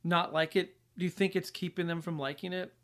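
A man's voice: sits high, steady tone, fairly quick, a bit bright. A man co-hosting a podcast, chatting casually about a film, loose and full of fillers. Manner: easygoing, many likes and fillers. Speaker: podcast co-host.

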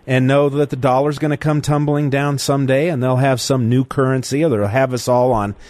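A man's voice: mid-range voice, fairly even intonation, brisk, a little mellow, no room sound. Talk radio guy, opinionated and blunt, dry close mic sound. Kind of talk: talk radio call-in show. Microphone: studio microphone.

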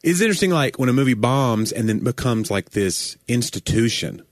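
A middle-aged man co-hosting a podcast, chatting casually and playfully, quick with jokes and movie quotes. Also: medium pitch, expressive, no room sound, studio quality. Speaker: podcast co-host. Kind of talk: casual chat.

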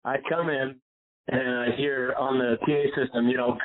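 A man's voice: medium pitch, little pitch movement, fairly quick, over a noisy crowd. A golf instructor from Pennsylvania, a man, telling rambling personal stories as an interview guest. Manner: rambling, warm storytelling with many "you know"s. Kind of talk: casual storytelling interview. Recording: phone-like narrow sound.

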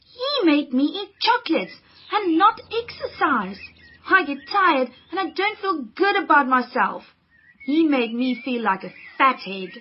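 A woman's voice: sits high, big pitch swings. A woman voicing a tearful, self-conscious young schoolgirl who sobs as she talks, in a children's radio drama, with a slightly dull lo-fi sound. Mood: upset. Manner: sobbing, halting speech.

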